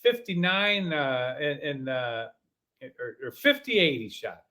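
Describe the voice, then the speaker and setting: Man, podcast host, incredulous, rambling, slightly higher voice, lots of restarts. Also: very animated, bright, forceful tone. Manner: exasperated, incredulous, repeats himself; halting, many fillers and restarts. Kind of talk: casual opinion rant.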